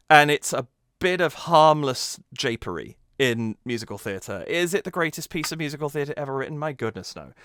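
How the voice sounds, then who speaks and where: Guy chatting on his channel, kinda high voice, swings up and down a lot, keeps restarting his sentences. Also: pushed and bright, no room sound, clean studio sound. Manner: enthusiastic, analytical, with frequent restarts. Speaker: channel host reacting to a song. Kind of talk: casual talk about musical theatre.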